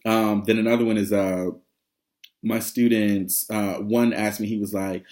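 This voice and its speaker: A man's voice: lowish voice, steady tone, measured pace, a little mellow. A man giving a casual vlog update, chatty and rambling, with lots of fillers and frequent laughs. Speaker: vlogger.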